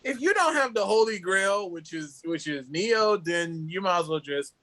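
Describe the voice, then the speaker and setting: High, bright-voiced man joking on a podcast. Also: lively intonation, normal speed, low-quality recording. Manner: joking, teasing banter. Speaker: podcast co-host. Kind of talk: casual chat. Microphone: video call.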